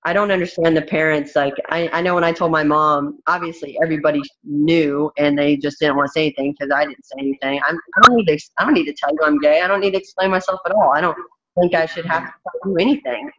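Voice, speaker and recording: A woman's voice: sits low, steady tone, fast talker, a little hiss or hum. A woman in her thirties, a fighter as interview guest, talking candidly in a blunt, emphatic way with many restarts. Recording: dull, muffled recording.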